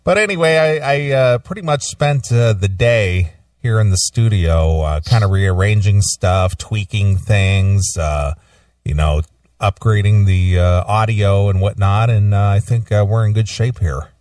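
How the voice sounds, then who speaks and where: A man hosting a casual radio talk show from his studio, relaxed and full of filler uhs. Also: fairly low pitch, a little slow, dry recording, recorded from a distance.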